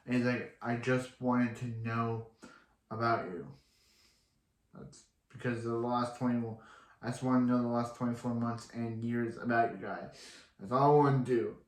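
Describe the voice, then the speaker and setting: A man's voice: mid-range voice, steady tone, moderate pace, echoey room. A man casually recapping a TV episode, rambling and often restarting his sentences. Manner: rambling, repeats and restarts himself. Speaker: TV episode reviewer.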